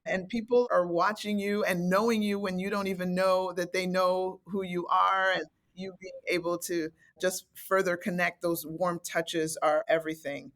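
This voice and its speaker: Woman host in an interview, kinda low voice, super enthusiastic and gushing. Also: little pitch movement, normal speed, hardly any pauses. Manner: effusive, enthusiastic praise. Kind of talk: conversational interview.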